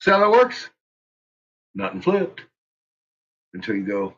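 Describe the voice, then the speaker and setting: A man's voice: high-pitched, wildly swooping pitch, slow pace, gravelly, long pauses, a bit bright. A man hosting a casual, mocking commentary, swearing freely and breaking into laughter as he ridicules what he watches. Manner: profane, laughs often, ridiculing. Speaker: channel host. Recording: muffled lo-fi audio.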